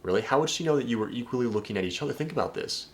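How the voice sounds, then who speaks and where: Speaking very fast and with lots of animation, a man with a medium-pitched voice gives dating advice in a casual video breakdown. He's emphatic, swears freely, and talks right to his viewers.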